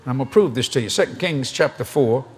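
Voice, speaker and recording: A middle-aged man preaching a sermon at a convention, an animated, joking storyteller. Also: mid-range voice, fast, husky.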